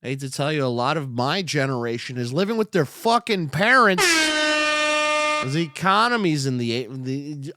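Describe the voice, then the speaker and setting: A man's voice: a little high, bright, forceful tone, no room sound, studio quality. A young man hosting a comedy podcast, reacting to news clips with sarcastic, profane, rambling commentary.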